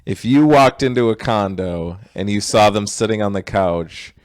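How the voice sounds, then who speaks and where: A man hosting a casual comedy podcast, asking game questions and laughing loudly and often. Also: on the low side, normal speed, no room sound. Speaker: podcast host.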